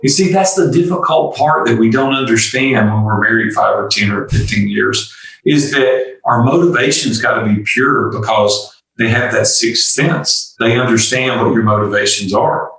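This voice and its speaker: A man's voice: mid-range voice, moderate pace, gravelly, fairly bright tone, far from the mic. An older man speaks earnestly and candidly, sharing personal stories and acting out bits of dialogue. His voice sits off-mic in a very echoey room. He sounds like a guest on an interview podcast. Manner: earnest, confessional, acts out dialogue. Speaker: guest entrepreneur.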